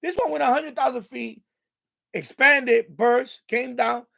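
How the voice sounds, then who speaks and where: Male live-streamer, exasperated and profane, very high pitch, casual rant. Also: measured pace, creaky, sharp tone. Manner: exasperated, swears freely. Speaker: radio hobbyist live-streamer. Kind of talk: ranting live-stream chat.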